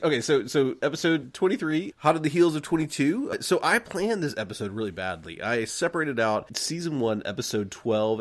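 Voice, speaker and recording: A man co-hosts a podcast in loose, rambling chat. He talks fast, and his low voice swings up and down with excitement. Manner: rambling, excitable, quick to laugh. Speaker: podcast co-host. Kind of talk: casual chat.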